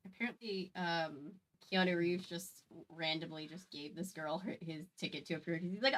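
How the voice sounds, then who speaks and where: Woman host, casual chatty reading, animated, quick little asides. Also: fairly low pitch. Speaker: podcast host. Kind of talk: casual chat and reading aloud.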